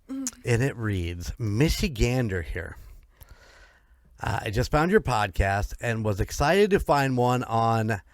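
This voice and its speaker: A man's voice: mid-range voice, very animated, slow pace, long pauses, no echo, clean studio sound. A man co-hosting a casual paranormal podcast, joking at his own expense and swearing now and then. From United States. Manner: self-deprecating, swears casually, laughs often. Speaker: podcast co-host.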